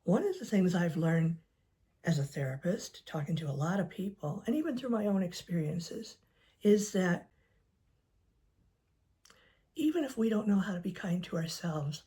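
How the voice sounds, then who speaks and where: Soft-spoken woman counselor, low mellow voice. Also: big pitch swings, moderate pace, long pauses. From United States. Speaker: licensed professional counselor. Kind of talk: calm advice talk to camera.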